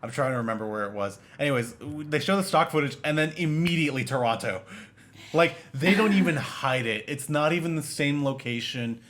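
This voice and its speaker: A man's voice: on the high side, lively intonation, fairly quick, a bit bright. A man co-hosting a casual podcast, rambling sarcastically about a movie with lots of fillers and restarts. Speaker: podcast co-host. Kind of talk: casual film-review banter.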